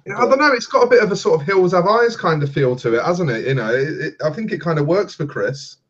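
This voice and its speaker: A man's voice: a little high, lively intonation, fast talker, slightly rough. A British man co-hosting a casual podcast, chiming in with jokes. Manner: jokey, chiming in. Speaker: podcast co-host. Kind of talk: casual chat. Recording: dull lo-fi audio.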